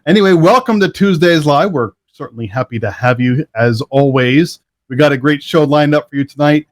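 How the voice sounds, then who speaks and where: A man's voice: a little high, a little fast. An upbeat, chatty middle-aged man hosts a live online show. He talks casually and laughs easily. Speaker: show host.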